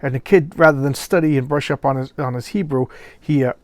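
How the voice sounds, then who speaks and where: A man reviewing a comic book in a casual video, speaking haltingly, often repeating words, and openly moved by the pages. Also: medium pitch, dry recording.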